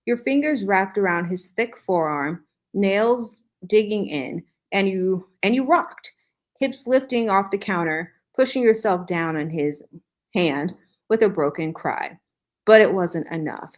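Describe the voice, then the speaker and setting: A woman's voice: mid-range voice, animated, measured pace. A woman hosting a podcast who reads fan fiction aloud, keeping a dry tone and breaking it with joking asides. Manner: dry reading broken by joking asides and laughs. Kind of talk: comedic dramatic reading with asides.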